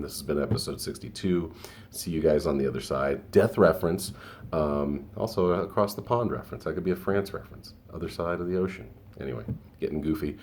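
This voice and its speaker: Podcast host, male, very low voice, rambling casual rant, faint room hum behind. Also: darkish tone. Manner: rambling, self-interrupting rant with frequent restarts. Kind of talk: solo opinion podcast.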